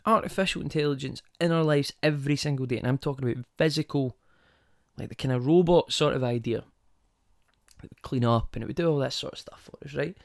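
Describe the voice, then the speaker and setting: A man hosting his own podcast, thinking out loud in a casual monologue. His pitch sits in an ordinary middle range, and he keeps drifting into tangents and stopping to ask listeners whether they follow him. The close mic gives a dry sound with no room echo. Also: fairly quick, gravelly. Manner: rambling, goes off on tangents, asks rhetorical questions. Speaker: podcast host.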